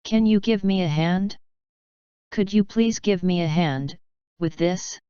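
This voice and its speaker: A woman reading short English example phrases aloud one by one in a slow, careful lesson delivery. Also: on the low side, mellow, smooth, no room sound, muffled recording. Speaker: English teacher.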